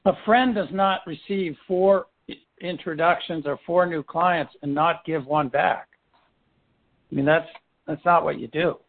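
A man leading a business team meeting, coaching with rhetorical questions and many restarts. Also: a little high. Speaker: firm leader running a team meeting. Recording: tinny phone-line sound.

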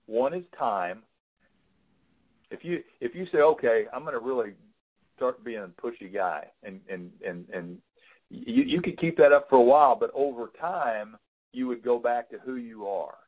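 A business consultant with a medium-pitched voice coaches a client over a lo-fi call, speaking animatedly at a moderate pace. He gives frank, fatherly advice and often repeats words as he goes.

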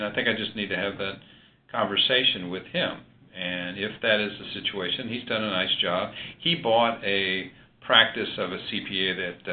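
A man talking in a business meeting, hesitant, with fillers and restarts. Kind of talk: casual meeting discussion. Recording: echoey, phone-like, faint rumble.

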